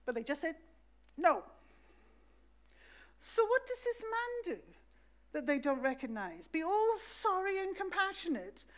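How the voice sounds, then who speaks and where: A woman preaching a sermon in a church, telling the story in a lively way and acting out the voices. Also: very high voice, measured pace, pauses often.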